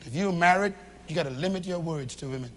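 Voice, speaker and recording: A man preaching a sermon to a live congregation, swinging from shouts to low confiding tones and acting out little dialogues in different voices. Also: fast talker, a little hiss or hum. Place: church hall with a congregation.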